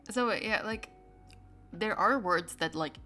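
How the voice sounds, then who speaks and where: A young woman streamer chatting casually with her viewers, laughing often and trailing into quick asides. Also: mid-range voice, bright, forceful tone, soft background music.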